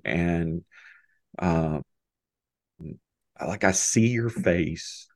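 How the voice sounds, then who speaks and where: Deep-voiced man telling an emotional story. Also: darkish tone, no echo, clean studio sound. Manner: halting, many restarts and fillers, emotional, laughs often. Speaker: podcast guest. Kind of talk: conversational storytelling.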